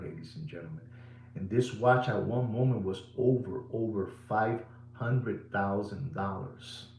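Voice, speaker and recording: A middle-aged man hosting a live watch sales show. He is repetitive and showy, swings between booming and hushed delivery, and slips Spanish words into his English. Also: slight background noise. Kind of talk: live sales pitch to viewers. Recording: roomy echo.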